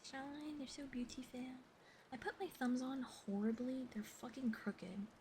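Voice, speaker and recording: High, slow-spoken woman ASMR streamer. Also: warm tone, a little hiss or hum. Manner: playful, giggly, swears casually; whispers often. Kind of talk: soft-spoken ASMR livestream chat. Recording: rain ambience behind voice.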